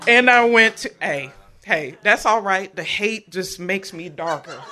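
A man tells a personal story live on stage. His voice sits high for a man and rings bright and forceful. He delivers it in an animated way and jokes with the crowd. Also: a little slow, faint music behind. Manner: animated, joking with the audience. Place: live event venue.

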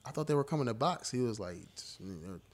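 A man hosting a podcast, telling animated stories in casual chat and swearing freely. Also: mid-range voice, brisk, crowd noise. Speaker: podcast host.

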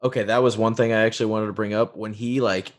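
A man's voice: lowish voice, steady tone, fast. A man co-hosting a podcast, laid-back and critical, filling his talk with "like". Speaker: podcast co-host. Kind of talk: casual chat.

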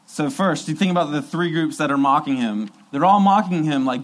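An earnest male preacher delivering a sermon with emphasis, circling back to repeat his key phrases. His voice sits slightly high for a man. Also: brisk, low-quality recording.

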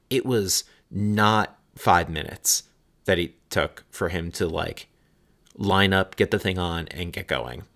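Man in his thirties, low voice, casual storytelling, rambling, swears a bit. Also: takes it slowly, a bit bright. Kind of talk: casual anecdote telling.

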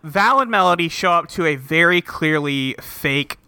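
A man casually recapping a movie with his co-hosts, talking quickly and swearing often. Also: on the high side, animated, vocal fry, pushed and bright, clean tone, no room sound. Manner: fast, profane retelling with quick voices for characters. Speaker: podcast co-host.

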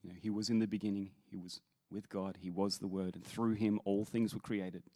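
A man with a lowish voice leads worship and speaks earnestly, breaking off into restarts, then lifting into emphatic recitations of scripture. The sound is dry and close, with little room around it. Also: steady tone, brisk, dark tone, no echo. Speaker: worship leader. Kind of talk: sermon-style talk.

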